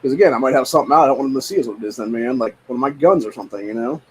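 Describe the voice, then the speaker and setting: A man's voice: mid-range voice, very fast, breathy edge. A young man at home, ranting in a casual, profane, exasperated way with lots of repetition. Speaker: podcast host. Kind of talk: casual rant.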